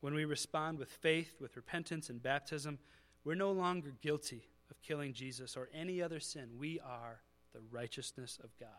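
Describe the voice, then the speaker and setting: A man's voice: on the high side, moderate pace, fairly bright tone. Conversational male pastor preaching. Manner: conversational preaching, rising to emphatic peaks. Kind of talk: sermon.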